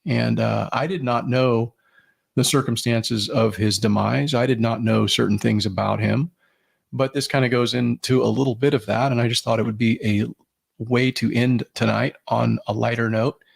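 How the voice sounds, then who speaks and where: A male podcast host with a gravelly, fry-edged voice that sounds husky and a bit worn. He chats casually and haltingly, stopping and restarting his sentences with plenty of fillers. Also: medium pitch, steady tone. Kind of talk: casual chat.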